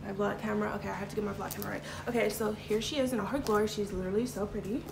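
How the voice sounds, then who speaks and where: A woman's voice: mid-range voice, very fast, vocal fry. Bubbly young woman vlogging in an echoey room. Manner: bubbly, excitable, chatty, lots of "like" and "y'all". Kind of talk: casual vlog talk to camera. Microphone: handheld vlog camera. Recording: echoey room with background noise.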